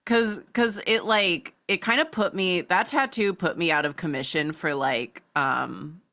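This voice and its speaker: A woman's voice: fairly low pitch, a little slow, bright, forceful tone. A young woman co-hosting a casual stream, chatty and full of fillers, laughing often. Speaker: co-host.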